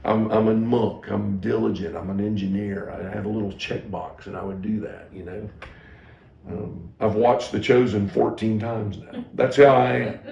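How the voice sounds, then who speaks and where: Gravelly middle-aged pastor in an echoey room. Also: male voice, on the low side, fairly even intonation, normal speed, a little mellow, dull audio. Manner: candid, self-deprecating storytelling with frequent restarts. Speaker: pastor and teacher. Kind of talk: personal teaching talk to ministry staff.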